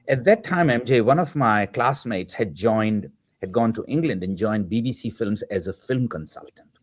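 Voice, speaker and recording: A middle-aged man, a podcast guest, telling a story with animated energy and acting out the voices of the people in it. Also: lowish voice, normal speed, husky. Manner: animated, acts out the dialogue of the people in his story. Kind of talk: storytelling in an interview.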